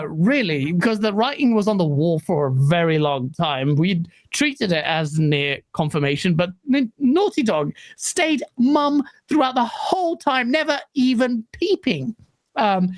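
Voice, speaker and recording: A woman co-hosting a live gaming podcast stream, chatting casually and shouting out viewers as she reads chat messages. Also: mid-range voice, no echo. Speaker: livestream podcast co-host.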